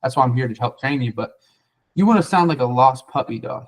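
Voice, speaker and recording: A sales coach gives blunt, profane feedback to a trainee after a cold-call role play, acting out what callers and sellers would say. His mid-range voice is lively and fairly quick, though the audio quality is poor.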